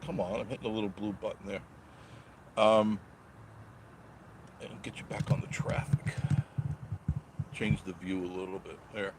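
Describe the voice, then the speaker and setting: A man speaking with a lowish, fairly even voice at normal speed, pausing often, against a noisy background. He's a vlogger driving and reading his live chat, chatting casually with viewers in a rambling, joking manner.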